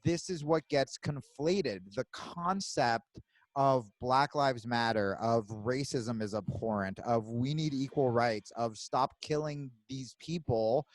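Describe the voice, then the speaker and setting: A man hosting a podcast in casual chat, blunt, swearing freely and backing his guest with quick agreements. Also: mid-range voice, no room sound. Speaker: podcast host.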